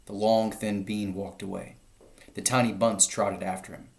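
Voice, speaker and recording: A man's voice: fairly low pitch, normal speed, gravelly. Man reading a children's book aloud. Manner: lively storytelling, raising voice for shouted lines.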